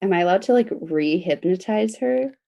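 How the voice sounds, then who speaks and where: A woman player describes what her character does, casual and a bit hesitant. Her voice sits somewhat low for a woman. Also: animated, normal speed, gravelly, dark tone. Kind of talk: playing a tabletop game.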